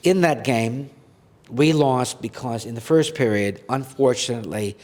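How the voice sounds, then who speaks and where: A man's voice: mid-range voice, a little slow, a little mellow. A man from Canada tells his playing story in an earnest, heartfelt way. His voice rings out with a long reverb tail, as if he is in a big hall. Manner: earnest, heartfelt, reads a list of names aloud. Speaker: podcast guest, former goaltender. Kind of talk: emotional storytelling.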